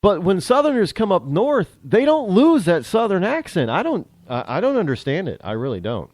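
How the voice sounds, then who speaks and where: A man's voice: sits high, huge pitch swings, moderate pace, darkish tone, dry recording. A man from the northern United States hosting a talk show, chatting alone in a rambling way with many restarts and a northern American accent. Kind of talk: casual solo monologue.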